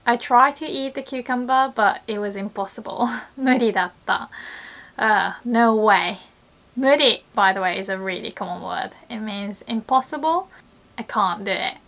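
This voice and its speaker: A young woman teaching a lesson, often laughing and acting out quoted lines in a lively way. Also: medium pitch, moderate pace. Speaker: Japanese language teacher. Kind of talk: online language lesson.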